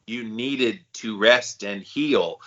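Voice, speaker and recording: Bright-voiced earnest man co-host. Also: on the low side, slow, highs cut off. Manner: earnest, supportive, frank. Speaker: podcast co-host. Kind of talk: supportive conversation.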